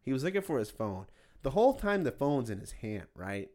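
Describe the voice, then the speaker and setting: A man's voice: medium pitch, brisk. Young man telling rowdy stories. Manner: animated, laughing, swearing, acts out voices in stories. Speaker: podcast co-host. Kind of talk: casual storytelling chat.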